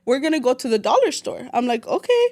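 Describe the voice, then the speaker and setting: A woman in her late twenties from El Salvador, telling a personal story as a podcast guest in an animated, slangy way, slipping Spanish phrases into her English. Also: on the high side, fast. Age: late 20s. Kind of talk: casual storytelling chat.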